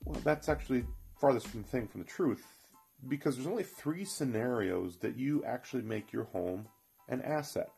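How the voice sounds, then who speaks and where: Gravelly-voiced man teaching money basics. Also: mid-range voice, expressive, moderate pace, darkish tone, faint music behind. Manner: emphatic, repeats key points, addresses listener directly. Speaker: financial educator. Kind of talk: motivational finance talk to viewers.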